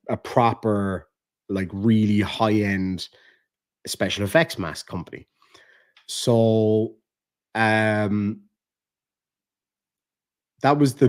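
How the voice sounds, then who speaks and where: An Irish man, a comedian and online creator, telling stories casually on a live stream, animated and chatty, swearing freely and laughing at his own tales. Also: on the low side.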